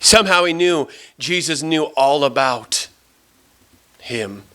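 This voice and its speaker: A male pastor preaches by retelling a dramatic story, rising with feeling as he builds each scene. His voice sits fairly high and sounds bright and forceful. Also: expressive, slow.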